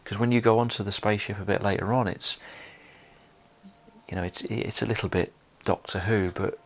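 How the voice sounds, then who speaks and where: A man's voice: lowish voice, fairly even intonation, moderate pace. A man giving a solo film commentary, rambling with many fillers and restarts.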